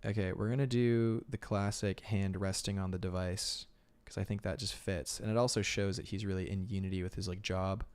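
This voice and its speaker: Laid-back streaming illustrator, lowish voice. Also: male voice, a little fast, few pauses, smooth. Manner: relaxed, rambling, many "like"s and filler words. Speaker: illustrator streaming his sketching. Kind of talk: casual chat while drawing on stream.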